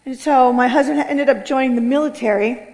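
A high-pitched woman from California tells her life story with raw feeling. She jumps from loud bursts to near-whispered lows, and her voice rings out with a long hall echo. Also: a little fast. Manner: animated, swings between loud outbursts and hushed low passages. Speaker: speaker giving a personal testimony. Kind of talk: emotional storytelling testimony.

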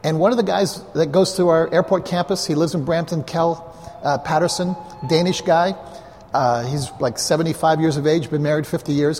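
A man's voice: on the high side, darkish tone. A man, a pastor, telling a story in a conversational sermon with asides to the congregation, on a clip-on mic. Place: church hall, live before a congregation. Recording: long reverb of a large hall.

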